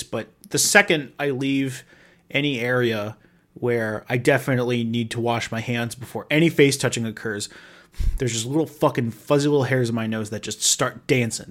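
A man's voice: medium pitch, a bit bright. Wry, rambling man hosting a podcast. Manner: wry, self-mocking, swears casually. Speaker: podcast host. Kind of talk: casual solo podcast monologue.

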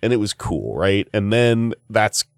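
A man with a lowish voice spins a long, rambling podcast story, cursing freely. His delivery is casual and quick to restart. The sound is dry and close, with no room around it. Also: sing-song, gravelly, dry recording. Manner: rambling, profane, rapid anecdote-telling. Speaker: comedian and podcast host.

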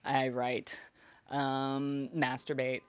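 A woman with a low, dry-sounding voice chats casually on a podcast. She rambles through stories and laughs often. The room sound is close and dead. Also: level tone, very slow, smooth, no echo. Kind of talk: casual chat.

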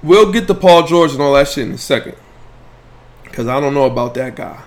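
A man hosts a casual sports podcast livestream, speaking fairly quickly in a mid-range voice. Animated and profane, he talks trash loosely while bantering with and chatting directly to viewers.

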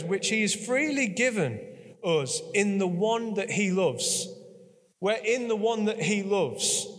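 A man preaching a sermon in an earnest, conversational way, repeating key phrases and prompting the congregation to answer. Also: sits high. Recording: long reverb of a large hall.

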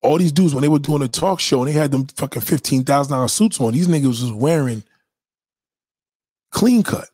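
A man hosting a livestream, reading chat and ranting in a blunt, mocking, animated way. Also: medium pitch, fast talker, hardly any pauses, slightly rough, no room sound, clean studio sound. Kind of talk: casual profane rant.

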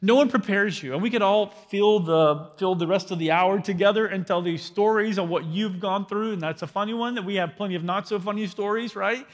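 A man's voice: high voice, a little fast, hardly any pauses, in a large hall. A man in his thirties, a pastor preaching a parenting sermon in a conversational, joking way, often asking the crowd questions. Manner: conversational, asks the crowd questions, self-deprecating humor.

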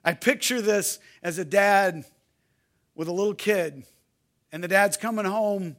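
High-voiced pastor swinging hushed to shouting. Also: male voice, measured pace. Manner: swings from hushed, soft delivery to loud shouted appeals; repeats key phrases for emphasis. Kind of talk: sermon.

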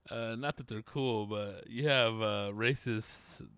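A man's voice: lowish voice, takes it slowly, a bit bright, clean tone, dry recording. A man from Southern California in casual comedic chat, laid-back and profane, laughing often.

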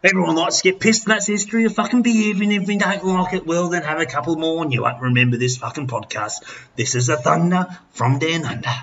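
On his podcast, a tipsy Australian host in his fifties delivers a boozy comic rant, rambling crudely and swearing constantly. He talks quickly at a fairly high pitch with a somewhat bright tone, and the recording is a little dull with faint noise.

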